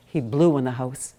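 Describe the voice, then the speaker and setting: A children's author from Maine, a woman, leads a lesson for little kids at an unhurried pace. Her voice sits on the lower side but swings widely in pitch as she coaxes them to join in. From Maine, USA. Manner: slow, expressive, coaxing the class to join in. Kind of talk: interactive lesson for young children.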